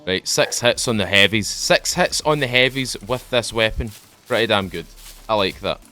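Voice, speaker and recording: A man's voice: lowish voice, moderate pace. Laid-back chatty man. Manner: rambling, chatty, drifts off topic; mellow, laid-back morning mood. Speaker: gaming channel host. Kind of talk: casual let's-play commentary. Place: home. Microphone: desk microphone.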